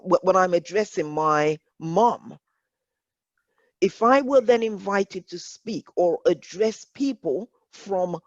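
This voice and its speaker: A woman with an English accent presenting an online workshop, measured and deliberate, repeating phrases for emphasis. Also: mid-range voice, no room sound, highs cut off.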